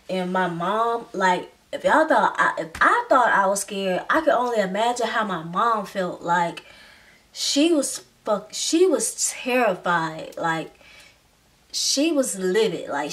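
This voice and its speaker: A young woman telling a personal story in a casual, chatty way, with many filler words. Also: mid-range voice. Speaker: vlogger. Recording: slightly distant mic.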